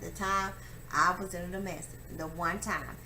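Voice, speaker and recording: A woman's voice: fairly low pitch, steady tone, moderate pace. Profane, emphatic woman storyteller. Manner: profane, emphatic, acts out quotes loudly. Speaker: vlogger telling a personal story. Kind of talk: candid storytelling monologue. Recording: echoey room with faint ambient noise.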